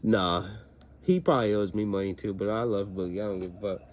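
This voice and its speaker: A man's voice: fairly low pitch, fairly even intonation, quick pace, a little hiss or hum. A man hosting a podcast, chatting casually and profanely with a friend. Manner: profane, laughing, playful. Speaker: podcast host. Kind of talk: casual chat.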